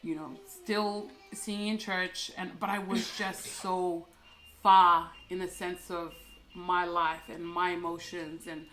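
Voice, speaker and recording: Soft-spoken young woman, halting and candid. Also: on the low side, little pitch movement, faint music behind. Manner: halting, soft, many fillers and restarts. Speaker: co-host. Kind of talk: candid personal story.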